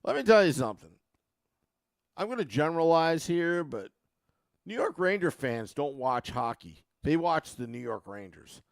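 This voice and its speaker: A man's voice: fairly high pitch, measured pace, vocal fry, dry recording, studio quality. A man hosting a sports podcast, talking casually and animatedly to his listeners. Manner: animated, mocks fans with a put-on accent. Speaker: podcast host.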